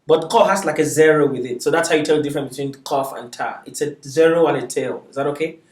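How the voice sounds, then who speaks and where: A man's voice: on the high side, fast, a little mellow. Patient male teacher in an echoey classroom. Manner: patient, often asks "is that okay?". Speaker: Arabic teacher. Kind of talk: classroom lecture.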